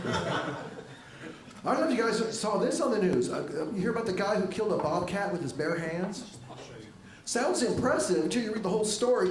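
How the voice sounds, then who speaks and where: A middle-aged male stand-up comic with a dry, wry delivery, his fairly high voice leaping up and down in pitch. He is on a stage mic in a roomy comedy club, with loud laughter from the audience. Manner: dry, wry deadpan with lively jumps in pitch.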